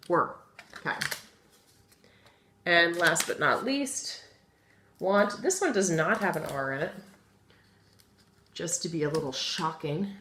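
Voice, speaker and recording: A woman's voice: low-pitched, a bit bright, slight background noise. A middle-aged woman teaching a phonics lesson to young children, talking to them directly and patiently spelling words out letter by letter. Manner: talks directly to children as guys.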